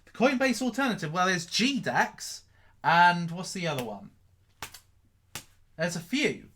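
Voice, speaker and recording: A man's voice: sits high, very animated, slow pace, pushed and bright. A man hosting a casual live stream, reading out chat questions. He rambles, repeats his own phrases and swears offhand. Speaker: crypto livestream host.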